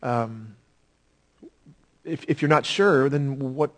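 A man's voice: mid-range voice, takes it slowly. Earnest male pastor preaching a sermon. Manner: earnest, dynamic, swings from loud emphasis to quiet intensity.

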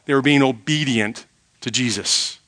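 A middle-aged man preaching a sermon, emphatic, asking the congregation rhetorical questions and dropping to a hush to make a point. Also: mid-range voice, moderate pace. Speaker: pastor.

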